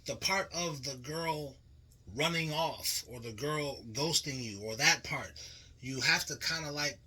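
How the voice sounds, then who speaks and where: Bright-voiced man in slangy reaction chat. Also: on the high side, husky, rough recording. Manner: animated, slangy, restarts to make a point. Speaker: podcast co-host.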